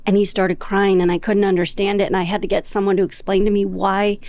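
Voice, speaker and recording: A woman's voice: medium pitch, little pitch movement, a little fast, a little mellow, dry recording. A woman in her fifties, a podcast guest, telling stories in an upbeat, easy-laughing way. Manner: upbeat, storytelling, laughs easily. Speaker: guest traveler. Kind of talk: podcast interview.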